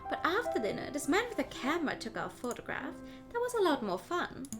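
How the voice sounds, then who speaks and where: A woman voices a naive young noblewoman bird in a video game. The voice sits high and swoops lively, prim and a little breathless as she chatters on. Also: fairly quick, over music. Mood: excited.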